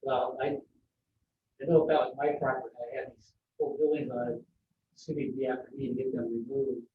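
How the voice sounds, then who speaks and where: A man's voice: mid-range voice, flat delivery, fairly quick. Board member guy cracking blunt jokes, thin phone-like sound, echoey room. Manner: blunt, joking. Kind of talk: meeting discussion. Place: council meeting room. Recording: distant, tinny, noisy meeting audio.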